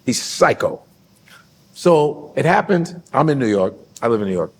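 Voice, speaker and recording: A male comedian co-hosts a loose chat, trading energetic, profane stories. His voice is gravelly. His pitch jumps around as he acts out the people in his stories. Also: normal speed, a little hiss or hum. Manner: energetic, profane anecdote-telling with acted quotes. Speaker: co-host, comedian. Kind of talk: casual chat, storytelling.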